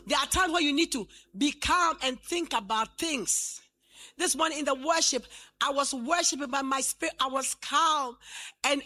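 A woman in her late fifties preaches to a congregation, her voice high and bright. She quotes scripture slowly, then builds to loud, fervent declarations. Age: 50s. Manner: fervent preaching, rising to shouts. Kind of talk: sermon. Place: church.

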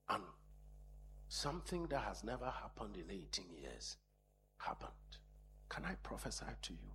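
A man preaching a sermon who shifts from hushed whispers to loud, high-pitched exhortation and repeats phrases for emphasis. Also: slight background noise.

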